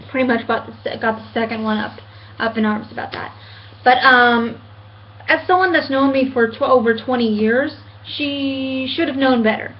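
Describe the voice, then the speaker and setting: A woman in her late twenties rants to camera from home about being misunderstood, earnest and halting, with many fillers and restarts. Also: fairly high pitch, muffled recording. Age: 20s. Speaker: vlogger. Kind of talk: casual rant to camera.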